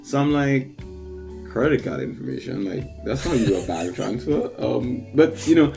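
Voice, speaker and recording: With music in the background, a man in a mid-range, gravelly voice tells a long personal anecdote in a casual storytelling chat. His delivery is sing-song and measured, rambling with many fillers, and he acts out the voices of the people he quotes.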